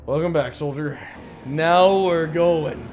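Excitable high-voiced gaming host. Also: male voice, slow. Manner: excitable, sarcastic, shouts at the game. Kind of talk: let's play commentary.

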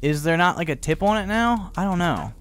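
A young man casually commenting on a horror game he is playing, profane and prone to loud startled outbursts. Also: high-pitched, expressive, fairly quick. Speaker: gaming channel host. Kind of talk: let's play commentary.

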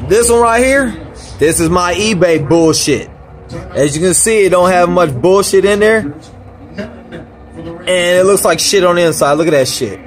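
Angry, foul-mouthed man repairing electronics. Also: on the high side. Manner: angry, swearing constantly, rambling. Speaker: vlogger repairing a console power supply. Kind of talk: profane casual repair vlog.

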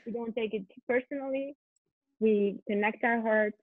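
Earnest higher-voiced woman on a tinny line. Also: moderate pace, dry recording. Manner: earnest, animated, repeats words and restarts. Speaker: guest, parenting coach. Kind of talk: podcast conversation. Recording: dry tinny phone-line sound.

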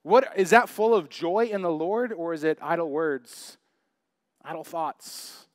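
A man's voice: fairly high pitch, unhurried, dry recording, studio quality. A young adult man preaching a sermon in church, chatty and joking, full of rhetorical questions. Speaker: pastor.

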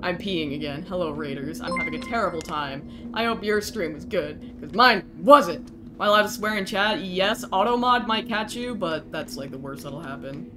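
A woman's voice: on the low side, normal speed, over music. A woman streaming a game, talking to chat and groaning in frustration at the game.

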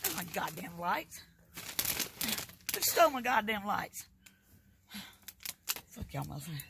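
Cranky, cursing older woman, gravelly voice. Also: medium pitch, very animated, unhurried, long pauses, fairly bright tone, slight background noise. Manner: cursing, cranky, threatening in jest. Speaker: grandmother on a camping trip. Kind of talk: profane grumbling in a home video. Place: inside a tent.

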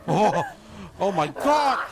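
A male streamer giving live gameplay commentary, loud and excitable with constant swearing. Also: sits high, takes it slowly, creaky, a crowd in the background.

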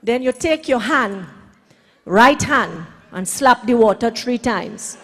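A Trinidadian woman doing bawdy live stand-up comedy, brash storytelling with shouted punchlines on a hall stage. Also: a little high, animated, slow, slight background noise.

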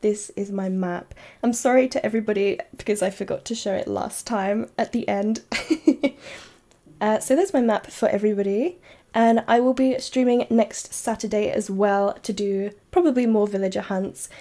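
A woman streaming a game live, chatting casually and giggling, with bursts of excited squeals. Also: mid-range voice, normal speed. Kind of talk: casual live-stream chat while playing.

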